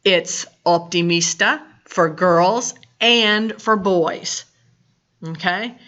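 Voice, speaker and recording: A woman's voice: lowish voice, very slow, a bit bright, lo-fi sound. A woman, teaching a recorded video language lesson in a chatty, step-by-step way. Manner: chatty, explains step by step, mixes English and Spanish. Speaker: Spanish teacher.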